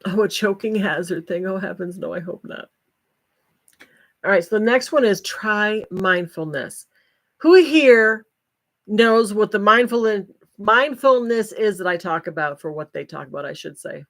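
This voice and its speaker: A woman's voice: medium pitch, moderate pace, a bit bright. An older woman hosting a livestream, chatting casually with viewers and breaking into folksy exclamations. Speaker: livestream host.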